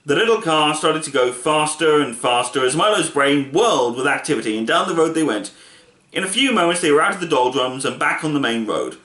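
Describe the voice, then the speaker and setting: A man reads a children's book aloud, playful and expressive. His voice is bright and animated, a little high for a man. The room adds a clear echo. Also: brisk. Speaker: storybook reader. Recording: echoey room.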